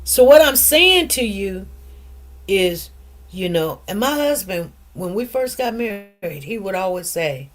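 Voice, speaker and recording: With a mid-range, expressive voice at a measured pace, this middle-aged livestream host addresses her audience directly. Her style is chatty and emphatic, full of frequent asides.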